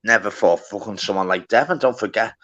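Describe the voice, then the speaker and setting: A man co-hosting a casual boxing chat, excitable and swearing freely, calling his partner mate and lad. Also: lowish voice, fairly quick, muffled recording. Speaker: podcast co-host.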